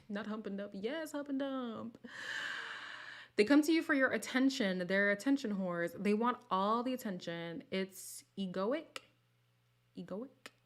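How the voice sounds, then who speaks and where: A woman hosting a casual livestream, reading viewer comments and talking frankly, her voice jumping from loud outbursts to soft near-whispers. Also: medium pitch, lively intonation, a little slow. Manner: candid and sassy, swings between loud bursts and near-whispers. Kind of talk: casual chat.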